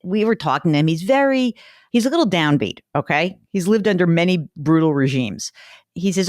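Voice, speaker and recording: A woman's voice: low voice, expressive, a little fast, no echo. Woman, radio host, blunt, emphatic, dry studio sound. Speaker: radio money show host. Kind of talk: casual call-in talk.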